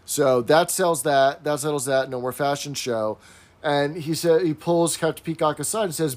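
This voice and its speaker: Guy on a podcast walking through a sitcom episode, kinda high voice, animated, tosses in little impressions. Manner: animated, recounts scenes with quick quoted impressions. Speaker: podcast co-host. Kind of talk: casual chat recapping a sitcom.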